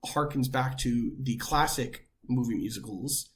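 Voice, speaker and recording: This podcast co-host, a young man, has a medium-pitched, fairly bright voice and a measured pace, with a little hiss or hum on the recording. He chats casually and rambles, using many filler words.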